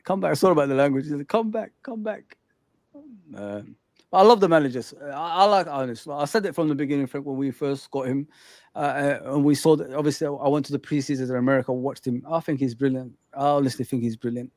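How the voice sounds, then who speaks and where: A man, co-hosting a casual chat, animated and forever adding filler phrases. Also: mid-range voice, fast talker, no echo, studio quality. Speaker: co-host.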